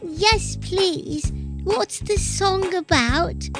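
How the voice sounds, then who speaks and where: A shy, anxious little boy, as a woman puts him on, with a tiny, very high voice. He speaks slowly and timidly in short replies. Music plays behind. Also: full character voice. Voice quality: small high childlike voice. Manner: soft, timid, short answers. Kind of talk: children's song presentation.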